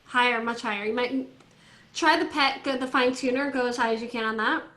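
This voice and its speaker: A woman teaching an online violin class, coaching students through tuning in a brisk, directive way over a video call. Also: on the high side, steady tone, over music. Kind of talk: online group class instruction. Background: faint violin notes from students.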